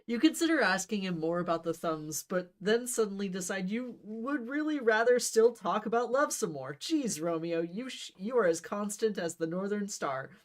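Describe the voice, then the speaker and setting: A woman's voice: medium pitch, animated, normal speed, few pauses. A woman reading a comic gamebook aloud in a casual, playful way, with asides and small slips. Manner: playful, laughs at own jokes, slips and restarts. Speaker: book reader.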